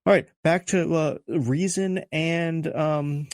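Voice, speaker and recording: A man's voice: fairly high pitch, fairly even intonation, slow pace, dry recording, clean studio sound. A man co-hosting a casual podcast, rambling and joking with lots of fillers as he talks things through. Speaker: podcast co-host.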